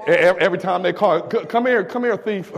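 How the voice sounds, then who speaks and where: A man preaching a sermon in a church, with stammering restarts and call-and-response, rising to shouts. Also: high-pitched, brisk, vocal fry, lo-fi sound. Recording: long reverb of a church hall.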